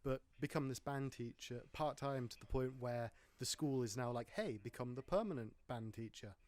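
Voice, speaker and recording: A man's voice: mid-range voice, moderate pace, darkish tone, no echo. Chatty man on a podcast. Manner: chatty, rambling, wry jokes. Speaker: podcast host. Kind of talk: casual film podcast chat.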